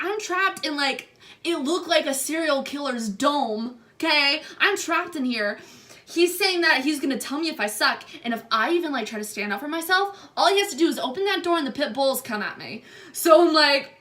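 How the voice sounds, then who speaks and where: A young woman vlogger telling a story to camera, acting out the people in it with animated delivery. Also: high voice, normal speed. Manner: animated retelling, acts out quotes. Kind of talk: storytime vlog.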